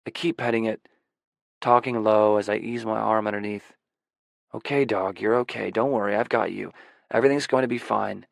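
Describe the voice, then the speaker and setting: A male audiobook narrator with a gravelly, textured voice, telling the story in a measured, introspective way. His pitch sits in a middle range. The read is dry and close, with no room sound. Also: fairly bright tone, dry recording. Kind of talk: first-person audiobook narration.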